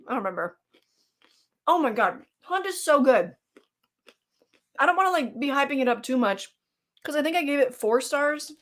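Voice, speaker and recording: A woman's voice: sits high, fairly bright tone. A woman hosting a casual live stream, rambling about horror movies, reacting to chat and snacking as she talks. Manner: chatty and rambling, reacting to chat, with fillers and laughs; eating snacks while talking.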